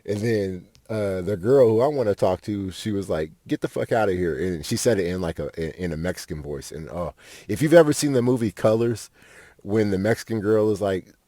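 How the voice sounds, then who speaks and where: A man's voice: fairly low pitch, brisk, warm tone, dry recording, studio quality. A young man, a podcast host telling a rambling, profane story with lots of fillers. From Fort Worth, Texas. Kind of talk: casual storytelling monologue.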